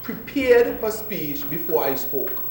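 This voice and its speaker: A man's voice: high voice, very animated, slow pace, darkish tone, slight background noise. A man, an opposition member of parliament, raising a point of order in a chamber, indignantly rebutting what was said about him.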